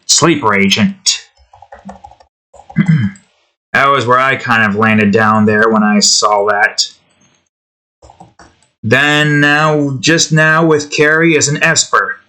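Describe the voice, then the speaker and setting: Drawing live on his own channel, this male host chats to himself in a medium-pitched, pushed and bright voice. His pace is slow with long pauses as he trails off, thinking aloud in loose, rambling commentary.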